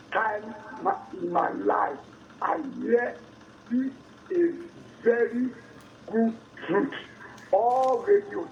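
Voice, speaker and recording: A caller rings a radio show and speaks slowly and fervently, circling back over his words. His voice is very high for a man and gravelly. The line sounds dull and echoey, with faint hiss behind it. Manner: slow, fervent, repetitive. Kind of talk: phone-in call.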